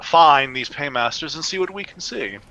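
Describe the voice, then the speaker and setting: Stiff, mannered adventurer, played by a man, higher voice, tinny muffled mic. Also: lively intonation, normal speed, crowd noise. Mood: formal. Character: formal, dry-witted human adventurer man.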